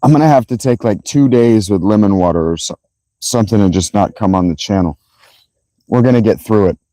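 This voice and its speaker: A man's voice: lowish voice, brisk, dark tone, dry recording. A man in his thirties livestreaming by a fountain, with a worn, strained voice, laughing often and swearing as he chats. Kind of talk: casual livestream chat. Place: outdoors by a fountain.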